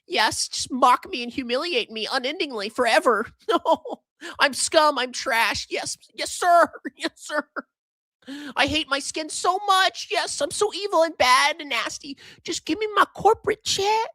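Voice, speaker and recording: A man voicing a simpering, groveling male office worker in a whiny, mocking falsetto caricature. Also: expressive, unhurried, bright, forceful tone, no echo, full character voice.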